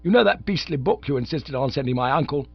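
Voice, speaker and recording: A man reading an audiobook, voicing a flustered, excitable young gentleman who talks in an agitated rush, higher and louder than the narration. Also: fast, creaky, breathy edge, dull audio, soft background music. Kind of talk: audiobook character voice.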